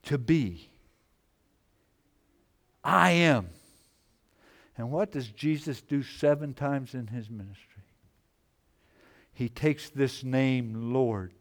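Slow, emphatic man preaching a sermon. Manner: swings from loud exclamations to low, hushed delivery; slow, emphatic, repeats key phrases. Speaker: pastor.

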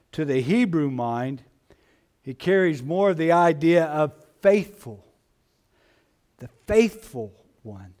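Man, pastor, sermon, unhurried delivery, slightly high pitch, emphatic repetition. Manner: slow, emphatic preaching with repeated phrases.

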